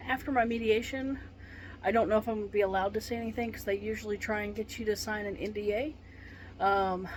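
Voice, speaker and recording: A woman who is a retired paramedic, in pain and venting to camera with swearing and dark jokes. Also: medium pitch, a little hiss or hum. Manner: swearing, exasperated, darkly joking.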